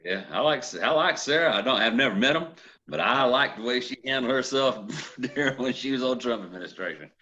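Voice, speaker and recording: A man hosting a casual chat, relaxed and laughing along with quick asides. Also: medium pitch. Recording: dull lo-fi sound.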